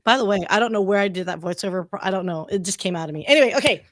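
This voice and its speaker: A woman's voice: medium pitch, lively intonation, racing, fairly bright tone, no room sound, studio quality. A bubbly, teasing woman co-hosting a casual live-streamed podcast, promoting an upcoming event. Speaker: podcast co-host.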